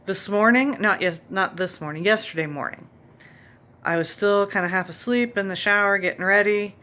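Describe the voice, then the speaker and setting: A woman's voice: mid-range voice, normal speed, bright, forceful tone. A woman vlogger giving an earnest, emphatic motivational monologue to encourage her viewers.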